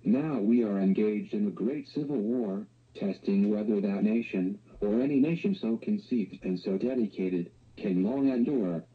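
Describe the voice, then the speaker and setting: A computer text-to-speech voice of a man, reading in an even synthetic way through tinny playback. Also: fairly low pitch, moderate pace, hardly any pauses, husky. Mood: measured.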